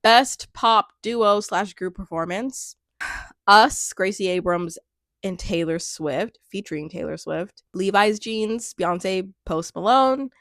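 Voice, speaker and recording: A woman's voice: medium pitch, takes it slowly, fairly bright tone, dry recording, clean studio sound. A woman in her twenties chatting casually as a music vlogger, laughing often and trailing off into restarts. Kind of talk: casual commentary vlog.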